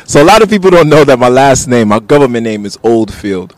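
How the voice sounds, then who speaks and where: A man's voice: mid-range voice, brisk, dry recording. A man, talking casually as an interview guest and laughing easily. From United States (Bronx), raised partly in Jamaica. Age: 30s. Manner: relaxed, laughs easily, peppered with "you know what I'm saying".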